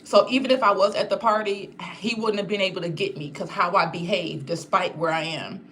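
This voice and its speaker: A woman's voice: medium pitch, fairly even intonation, brisk, a bit bright, slight background noise. A young woman hosting a casual live stream, talking straight to her viewers in a candid, rambling way and swearing freely. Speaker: channel host reading live chat.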